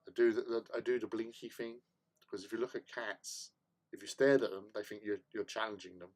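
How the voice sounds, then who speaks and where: A man's voice: on the low side, fairly even intonation, a little fast, a little mellow. A man hosting a hobby livestream, chatting casually in a rambling, self-mocking way. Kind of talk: casual chat.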